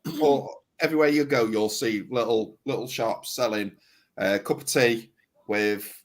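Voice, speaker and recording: An easygoing man with a northern English accent explains things to friends in plain, unhurried words. His voice sits at an ordinary pitch for a man. He talks casually, as on a relaxed group livestream. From England. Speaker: guest YouTuber on a livestream. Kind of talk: casual chat.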